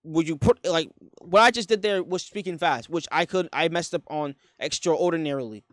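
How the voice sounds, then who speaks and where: A young man hosting a reaction video, talking in a lively, exclamatory way, often stumbling, repeating and correcting himself. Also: on the high side, normal speed, no echo, studio quality. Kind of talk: reaction commentary.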